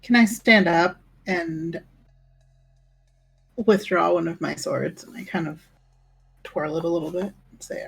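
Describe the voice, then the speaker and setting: Deep, husky, gravelly woman player. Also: fairly even intonation, measured pace, pauses often. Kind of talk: tabletop role-play.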